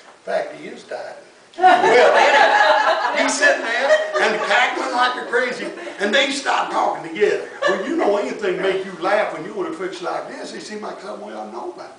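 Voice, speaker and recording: A man telling an old folk tale in a folksy, chuckling manner. His voice sits very high and moves around a lot, bright in tone. He is recorded from a distance in a roomy, echoing space. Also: animated, moderate pace, crowd noise. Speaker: storyteller. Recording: echoey room, mic far off.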